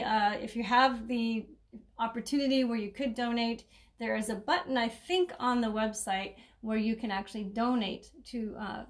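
A chatty middle-aged woman hosts her own caregiving podcast. She rambles warmly in a relaxed, unscripted way, laughing often and restarting her sentences. Her voice sits a little higher than most women's. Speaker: caregiving coach and podcast host. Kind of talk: casual solo podcast talk.

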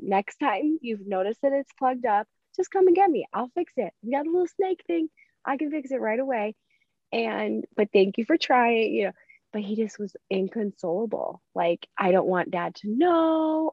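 A woman hosting a podcast in casual chat, laughing often and acting out quoted lines with big jumps in pitch. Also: dry recording. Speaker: podcast host. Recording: dull dry sound.

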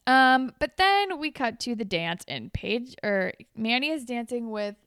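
A woman's voice: a little high, very animated, a little slow, fairly bright tone, clear, resonant tone, dry recording, clean studio sound. A young woman co-hosting a podcast, chatting casually, swearing and acting out characters in raised voices. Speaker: podcast co-host. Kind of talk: casual recap chat.

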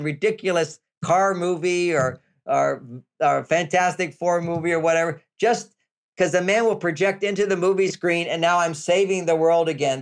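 An older man speaks as an interview guest, laying out advice step by step and repeating his key points for emphasis. His voice sits a little high and carries a gravelly edge. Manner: explanatory, repetitive, emphatic. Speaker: relationship author, guest.

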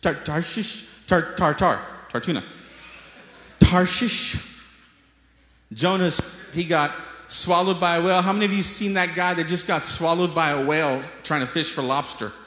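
A man's voice: a little high, a little fast, slight background noise. A man preaching a sermon to a congregation, telling stories playfully and acting out the voices of the people in them. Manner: lively storytelling preacher, acts out voices, jokes with the congregation. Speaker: pastor. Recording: echoey hall with long reverb.

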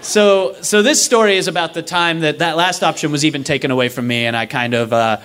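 Animated young man telling a stage story. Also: on the high side, brisk, a little hiss or hum. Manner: animated, acts out other people's lines. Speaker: stand-up storyteller. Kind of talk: live comedic storytelling. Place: live stage before an audience.

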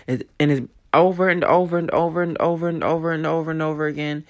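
A woman's voice: deep voice, fairly even intonation, fast. A young woman in her twenties, a podcaster, tells a personal story in a blunt, profane, emphatic way and repeats phrases for force.

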